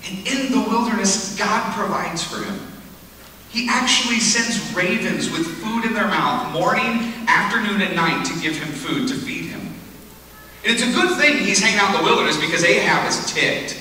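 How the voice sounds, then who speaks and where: Male retreat speaker, storytelling sermon, high lively voice, far off in a reverberant hall. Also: moderate pace, a little hiss or hum. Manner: animated, conversational storytelling. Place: large hall at a lake camp retreat.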